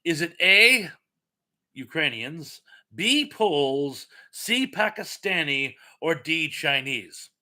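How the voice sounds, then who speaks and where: A man hosting a casual live-stream chat, running trivia and telling animated, self-mocking stories. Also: on the high side, slow pace. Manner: animated, chatty storyteller with self-mocking asides.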